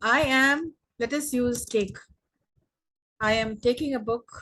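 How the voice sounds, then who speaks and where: A young Indian woman teaching an online English grammar lesson, slowly repeating words and sentences for emphasis. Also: a little high, a bit bright, a little hiss or hum.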